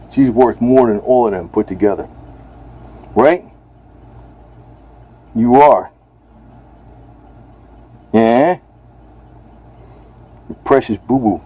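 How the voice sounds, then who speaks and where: A man's voice: mid-range voice, a little mellow, husky. A man talking casually and bluntly in a rambling home video, now and then speaking to his cat. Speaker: vlogger.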